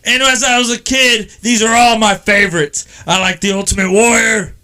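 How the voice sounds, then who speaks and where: A man from Texas, a podcast guest, telling stories in casual chat: boisterous, profane, and often shouting. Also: high-pitched, steady tone, normal speed.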